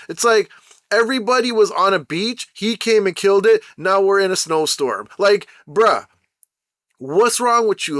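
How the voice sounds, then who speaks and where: A young man hosts his own show and vents in an animated, slang-heavy monologue. His voice sits high and sounds bright and forceful. The recording is dry and close. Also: no echo. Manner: animated, irritated storytelling with slang. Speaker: podcast host. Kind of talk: casual monologue rant.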